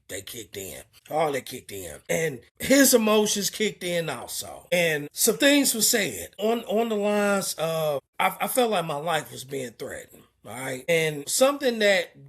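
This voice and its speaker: A truck driver from Indianapolis tells a story straight to the camera. The delivery is loose and full of stammered repeats and swearing, and it gets animated in the retelling. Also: mid-range voice. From Indianapolis, USA. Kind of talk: casual storytelling vlog.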